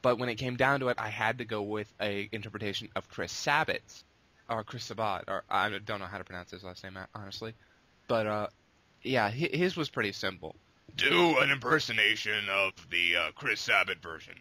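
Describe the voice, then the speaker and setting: Male interview guest, casual and rambling, with a bright, forceful tone. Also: on the low side, fairly quick, no room sound. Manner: long-winded, rambling with restarts. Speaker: guest, abridged series creator.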